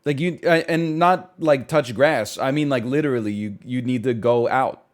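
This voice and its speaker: A man's voice: medium pitch, normal speed. A man streaming a casual chat, ranting in disbelief with frequent laughs. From Canada. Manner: incredulous, animated ranting with laughs.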